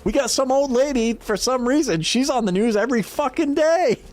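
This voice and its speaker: Speaking in an extremely high-pitched yet darkish voice, a man chats on his gaming livestream. He curses freely, wanders from topic to topic, and breaks into laughter often.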